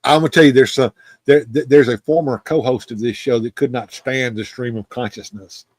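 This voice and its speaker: A man's voice: medium pitch, steady tone, brisk, darkish tone, no room sound. A man hosting a loose, unscripted chat show, talking in a rambling way with many restarts. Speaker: host. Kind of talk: casual chat.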